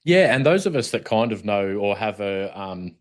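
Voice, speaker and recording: A man's voice: fairly low pitch, sing-song, moderate pace. Blunt Australian man in his forties. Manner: blunt, swears freely, restarts sentences. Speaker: podcast guest, former protection officer. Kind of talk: casual conversational interview.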